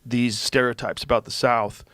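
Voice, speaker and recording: A man's voice: mid-range voice, normal speed, dry recording, clean studio sound. Male host explaining things animatedly. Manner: animated, profane, eager explainer. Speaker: podcast host. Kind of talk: casual conversation.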